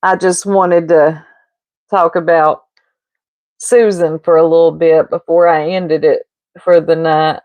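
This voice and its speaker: A woman streamer chats casually and unhurriedly with her viewers, gossiping, rambling from one thread to the next and breaking into laughs. Her voice sits at an ordinary mid pitch and sounds dry and close to the mic. It comes across as a relaxed home streaming setup. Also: slow pace, no room sound, phone-quality sound. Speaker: livestreamer. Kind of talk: casual livestream chat.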